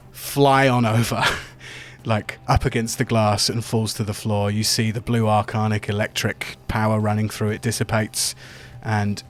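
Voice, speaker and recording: A man narrating as game master for a tabletop game, playful and teasing, describing scenes vividly. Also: fairly low pitch.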